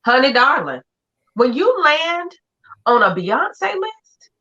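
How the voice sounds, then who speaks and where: A woman hosting a casual chat, talking in an effusive, animated way. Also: sits high, takes it slowly, a little hiss or hum. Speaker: host. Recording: dull lo-fi audio.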